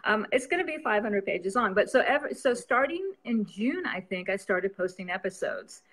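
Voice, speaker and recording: A woman's voice: mid-range voice, animated, moderate pace, a bit bright, breathy edge. A woman novelist chatting casually as an interview guest, rambling and laughing often.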